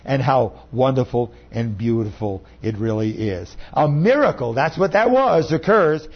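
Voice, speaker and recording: A man's voice: a little high, slightly rough, muffled recording. A man preaching a sermon as pastor, conversational, asking his listeners rhetorical questions.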